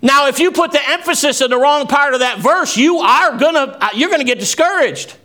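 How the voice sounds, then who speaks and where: High, bright-voiced impassioned preacher man. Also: lively intonation, a little fast. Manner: impassioned preaching, swinging between low asides and raised shouts; quotes scripture. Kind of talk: fervent sermon.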